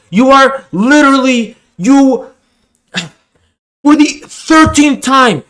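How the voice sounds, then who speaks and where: A man mocking a shrill whiny leftist pundit. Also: a bit bright, heavily acted, rough recording. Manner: shrill, exasperated, insulting, drawn-out words. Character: whiny condescending young male leftist pundit.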